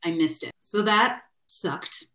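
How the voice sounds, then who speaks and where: A woman actress telling a personal story as a podcast guest, lively, laughing often and acting out the voices of people she quotes. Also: on the low side, measured pace, echoey room. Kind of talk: animated storytelling in a podcast interview.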